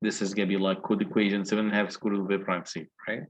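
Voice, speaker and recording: A man's voice: on the low side, flat delivery, very fast, poor audio. A male engineering lecturer walking through calculations step by step and asking the class questions. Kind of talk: recorded lecture walkthrough.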